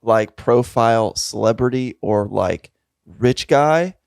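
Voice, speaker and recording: A man's voice: medium pitch, slow, creaky, a little mellow, clean tone, no echo, clean studio sound. A young adult man co-hosting a podcast in casual chat, joking and crude in playful banter. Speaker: podcast co-host.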